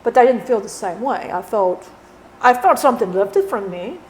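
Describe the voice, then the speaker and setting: A blunt, rough-spoken spirit of a dead man, channeled by a woman, rambling through a channeling session. He swears freely and keeps tossing in "you know". The voice sits a little on the high side. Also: expressive, normal speed, slight background noise, close to an everyday voice.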